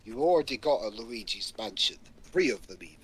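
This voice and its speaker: A man's voice: medium pitch, animated, brisk, husky, low-quality recording. A man tossing out teasing quips in casual game chat with friends. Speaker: co-commentator.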